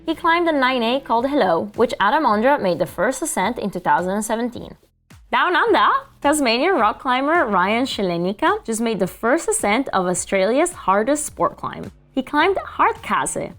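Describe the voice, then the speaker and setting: Woman co-host, climbing news, animated pitch, light music under. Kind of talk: news show banter and read reports.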